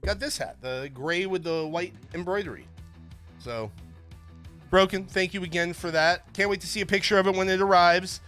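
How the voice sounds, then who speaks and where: A male stream host rambles and jokes with his viewers in a loose, casual way. His voice sits high and sounds bright and forward. Faint music plays underneath. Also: moderate pace. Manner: rambling, jokey, chatting with viewers. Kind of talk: casual livestream chat.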